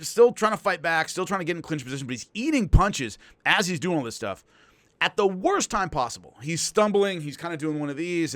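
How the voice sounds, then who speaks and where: A combat sports analyst with a fairly high voice tells fight stories in an emphatic, animated commentary style, often restarting his sentences. There's no room sound.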